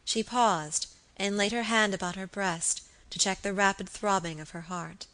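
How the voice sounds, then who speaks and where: A woman narrating a classic novel in a calm, measured reading. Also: medium pitch. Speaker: audiobook narrator. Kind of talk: scripted narration.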